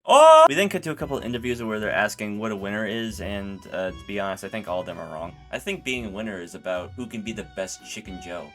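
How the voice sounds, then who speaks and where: Young male recap creator, low-ish and punchy, sarcastic, rambling delivery with stammered restarts. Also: fast talker, hardly any pauses, a bit bright, faint music behind. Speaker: video creator. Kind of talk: casual movie recap commentary.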